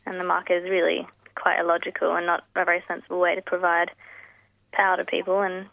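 Speaking fast in a lowish, creaky voice, this woman keeps her delivery completely flat. She's a campaign spokesperson giving an earnest phone interview on community radio, full of fillers and restarts. The telephone line sounds tinny and dry, with no echo.

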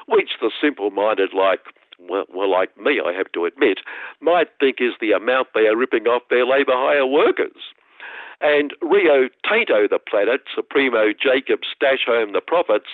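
An Australian man delivers scripted satirical commentary with a sarcastic, mock-indignant edge. His voice sits in a middle pitch range. The sound is dry and squeezed into a narrow, phone-like radio band. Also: lively intonation, normal speed, no room sound.

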